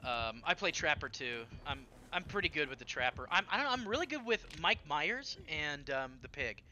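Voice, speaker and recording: A man streaming a horror game, chatting casually and rambling with many fillers and sudden excited bursts. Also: a little high, normal speed, slight background noise. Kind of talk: casual gameplay chat.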